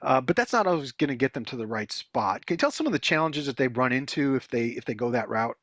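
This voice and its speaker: A man's voice: medium pitch, lively intonation, fast, a bit bright, no room sound, studio quality. A man hosting a tech business interview, talking conversationally with frequent fillers and restarts. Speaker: interview host.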